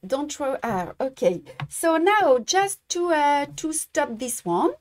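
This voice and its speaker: Slow, halting French woman teaching embroidery. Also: high-pitched, big pitch swings, a little hiss or hum. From France. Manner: halting, searching for English words. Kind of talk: live-streamed craft tutorial.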